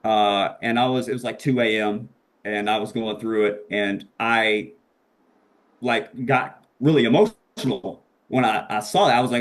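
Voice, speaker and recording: Excitable, profane man telling a story. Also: fairly low pitch, unhurried. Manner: profane and excitable, acts out quoted voices. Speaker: podcast guest. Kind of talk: casual storytelling.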